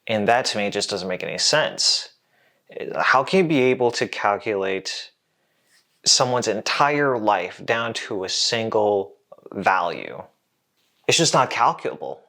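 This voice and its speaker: A man's voice: fairly low pitch, very animated, measured pace, sharp tone. A man hosting an educational science vlog, explaining in a casual, jokey way with asides to the viewer. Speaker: host.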